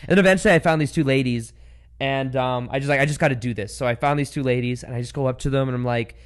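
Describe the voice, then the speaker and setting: A man's voice: mid-range voice, fast, clear, resonant tone. A young adult man hosting a casual chat, telling stories animatedly and laughing as he goes. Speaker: podcast host.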